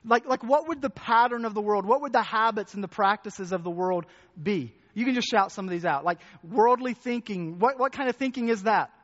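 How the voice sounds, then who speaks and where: A man's voice: sits high, brisk, fairly bright tone. A man preaching a sermon to a congregation, conversational, restarting and repeating words as he asks them questions. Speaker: pastor. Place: church hall with congregation. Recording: muffled, echoey church hall.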